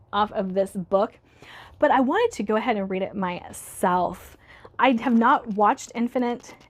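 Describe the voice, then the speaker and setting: A woman vlogging casually about books she bought, chatty and laughing often, her voice worn from being sick. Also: mid-range voice. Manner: chatty, laughs often, reads blurbs aloud. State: recovering from illness, voice starting to go. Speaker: book YouTuber. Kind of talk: casual book haul vlog.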